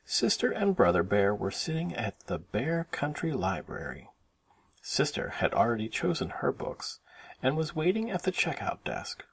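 Gravelly, animated storybook reader, man. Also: medium pitch, normal speed. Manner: expressive, animated read-aloud. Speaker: parent reading aloud. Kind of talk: children's storybook narration.

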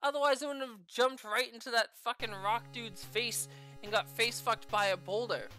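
A woman's voice: fairly high pitch, steady tone, normal speed, over music. A woman doing let's play commentary, exasperated, swearing freely, with yelps and laughs. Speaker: video game streamer.

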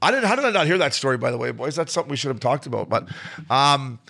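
A man co-hosting a podcast, chatting casually and cursing freely as he rambles through a story. His voice has a bright, forward ring. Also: medium pitch, very animated, racing, creaky, breathy edge. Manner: loose, profane storytelling. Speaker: podcast co-host. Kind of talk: casual chat.

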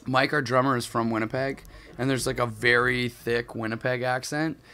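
A man in his thirties with a Canadian accent, a band frontman joking his way through a casual interview in an animated voice. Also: mid-range voice, normal speed, clear, resonant tone. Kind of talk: casual chat.

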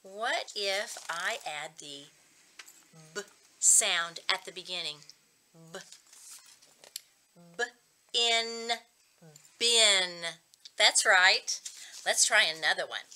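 Slow bright-voiced reading teacher woman. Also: fairly low pitch. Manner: slow, clearly sounded-out words for young children. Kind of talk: children's read-aloud and phonics lesson.

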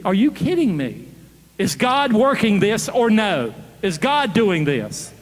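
A male preacher tells a story with animated delivery and keeps throwing questions to the congregation. His voice sits fairly high and swings widely in pitch. A big church sanctuary adds a long reverb tail. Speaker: guest preacher. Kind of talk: sermon storytelling.

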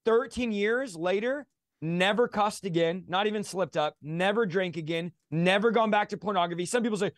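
A man's voice: sits high, moderate pace, dry recording, clean studio sound. A man in his thirties, a guest in a livestream interview, telling his testimony with a passionate, preacher-like drive.

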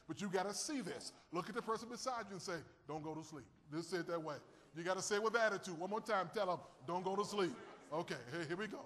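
Animated preacher in a big hall. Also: male voice, sits high. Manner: animated, calls on the audience to respond. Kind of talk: sermon.

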